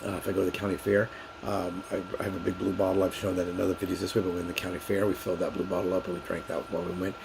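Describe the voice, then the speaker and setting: Male vlogger, deep rough voice, unscripted and rambling, with lots of restarts. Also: flat delivery, rapid-fire, background noise. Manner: rambling, repetitive, many restarts and fillers. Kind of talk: casual unscripted vlog monologue.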